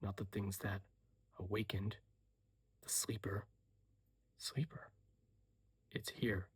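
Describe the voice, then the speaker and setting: A man voicing a tormented, coldly intense young man as whispered role-play, hushed and tense. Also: lowish voice, level tone, slow, husky, heavily acted. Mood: bitter.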